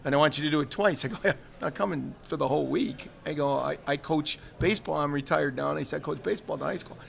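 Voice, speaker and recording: This man talks fast, his voice a little high, gravelly and fairly bright. He's a retired fire chief being interviewed live on a trade show livestream set, sharing candid personal stories in an earnest, reflective way and frequently quoting others as he goes.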